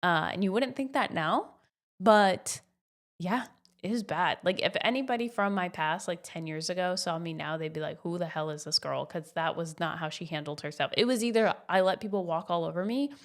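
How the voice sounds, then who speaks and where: A woman's voice: lowish voice, normal speed. A woman in her thirties hosting a casual motivational podcast, blunt and swearing freely with pep-talk energy. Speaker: podcast host.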